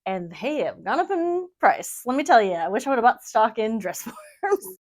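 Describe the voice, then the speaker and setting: A woman with a somewhat high voice chats loosely through a tour of her home sewing studio. She rambles, apologizes and laughs at herself often, in an unscripted, self-deprecating way. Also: animated, normal speed. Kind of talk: casual chat.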